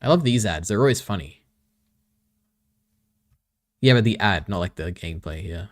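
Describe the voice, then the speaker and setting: Low-voiced man chatting on stream. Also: expressive, normal speed. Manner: reads chat aloud and banters back, chuckling often. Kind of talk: casual livestream chat.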